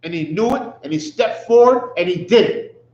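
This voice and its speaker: A man with a high, slightly mellow voice leads an animated, street-style Bible study at normal speed, mocking the verses sarcastically and asking frequent rhetorical questions. The recording is echoey, dull and lo-fi, like it was made in a bare room.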